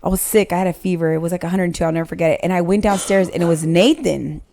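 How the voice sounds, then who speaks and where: A woman's voice: lowish voice, very fast, mellow, a little hiss or hum. A woman in her forties, a podcast guest, telling a personal story in blunt, emotional, heavily sworn casual chat.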